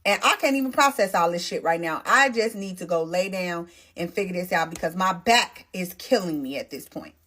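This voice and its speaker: A woman's voice: lowish voice, brisk, few pauses. Emotional young woman telling a story. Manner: emotional, animated, talks straight to viewers. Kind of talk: casual storytime monologue.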